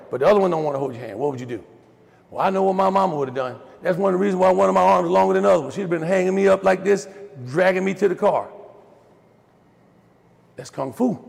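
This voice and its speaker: Middle-aged guy, really gravelly voice, folksy storytelling over a video call, lots of echo. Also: sits high. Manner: folksy, animated storyteller addressing the audience as y'all. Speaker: guest speaker on raising boys. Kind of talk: storytelling talk in a virtual Q&A.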